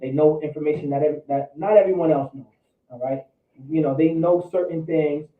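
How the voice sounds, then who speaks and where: A man's voice: a little high, steady tone, normal speed. A man teaching a Bible study in a loose, slangy preaching style, often repeating words as he goes. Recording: echoey room, distant phone-like mic.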